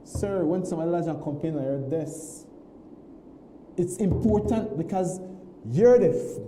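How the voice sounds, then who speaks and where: Man, very dark voice, echoey studio. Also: on the high side, slight background noise. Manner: animated, repeats himself, many restarts. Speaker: guest. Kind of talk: casual storytelling on a morning show.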